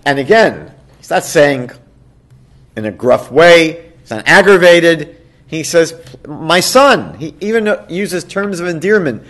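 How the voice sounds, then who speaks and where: A man, a rabbi, teaching a class; he tells a story and acts out its people in raised, excited voices, with a soft laugh now and then. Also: a little high, moderate pace. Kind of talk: storytelling lecture.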